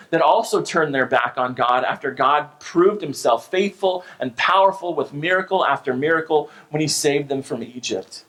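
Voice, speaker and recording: A man's voice: a little high, fairly bright tone, rough recording. An American man, a pastor, preaching a sermon in an earnest, emphatic way, often restarting his phrases. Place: church sanctuary.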